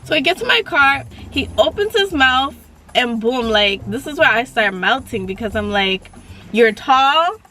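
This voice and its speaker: A young woman casually telling a story to her viewers, animated and full of slang and swearing. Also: fairly high pitch, normal speed, soft background music. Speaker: vlogger.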